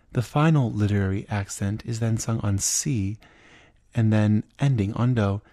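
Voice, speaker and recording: A man teaching liturgical chant, explaining each step in a measured way and then singing chanted examples. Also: fairly low pitch, a little mellow, no room sound. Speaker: chant instructor. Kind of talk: spoken lesson with sung examples.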